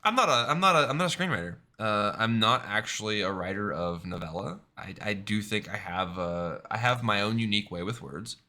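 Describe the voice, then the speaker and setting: Brief: male streamer, bright, tense-edged tone, casual rambling chat full of fillers. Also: lowish voice, a little fast, hardly any pauses. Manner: rambling, many fillers and tag questions.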